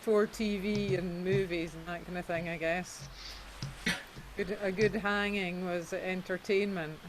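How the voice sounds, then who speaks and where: A woman's voice: fairly low pitch, fairly even intonation, noisy background. A woman hosting an online singaround in casual, joking chat over a video call. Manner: joking, quick to laugh.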